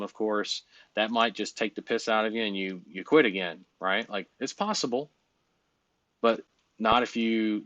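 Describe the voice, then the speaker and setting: A blunt man with a lowish voice talks in a loose, rambling coaching style and peppers it with fillers and swearing. The sound is a bit muffled and dry, with no room around it. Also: fairly bright tone, no echo. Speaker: business coach. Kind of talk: casual coaching talk.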